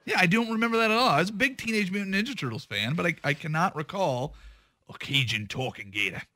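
A man's voice: high voice, expressive, pushed and bright, no room sound. Male sports radio host, mid voice, joking and easygoing, close dry studio mic. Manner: joking, loose, quick to laugh at himself. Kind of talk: casual sports radio banter. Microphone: studio microphone.

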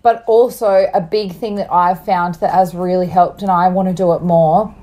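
A woman's voice: on the low side, fairly even intonation, moderate pace, mellow. A young woman co-hosting a casual chat, bubbly and rambling, laughing often, with a slight cough. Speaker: podcast co-host.

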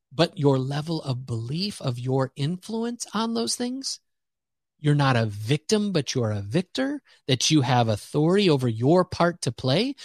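A man's voice: on the high side, no room sound, studio quality. A man talking as a podcast guest, preacher-like and emphatic, repeating phrases for rhythm as he builds a motivational faith message.

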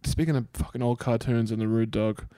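A man's voice: mid-range voice, steady tone, brisk, mellow. A man co-hosting a podcast, joking, teasing and swearing freely in crude casual banter. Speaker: podcast co-host.

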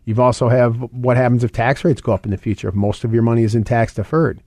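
A middle-aged man hosting a financial radio show, talking quickly and conversationally and repeating his key points. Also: mid-range voice, little pitch movement, warm tone, no room sound, studio quality. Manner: fast, conversational, repeats points and phone numbers. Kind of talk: radio talk segment.

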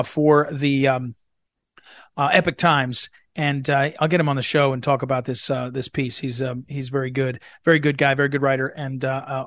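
A man's voice: on the high side, fairly bright tone, dry recording, clean studio sound. A man hosting a talk radio show, rambling with many fillers and restarts as he interviews a guest.

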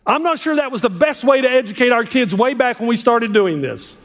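A man preaching a sermon as a pastor, impassioned, swinging between hushed and emphatic delivery. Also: extremely high pitch, expressive, a little fast. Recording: long reverb of a large hall.

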